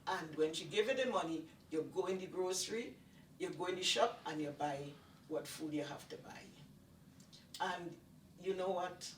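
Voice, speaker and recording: A woman's voice: on the low side, moderate pace, distant mic. An older woman tells a personal testimony in an earnest, repetitive, emphatic way. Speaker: testimony speaker. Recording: echoey room, voice off-mic, faint noise.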